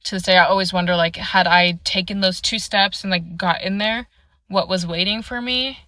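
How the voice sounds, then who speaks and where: A woman's voice: medium pitch, steady tone, moderate pace, bright, forceful tone, no room sound. A young woman telling a personal ghost story casually, rambling with many fillers into a close phone mic. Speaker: storyteller in a clip.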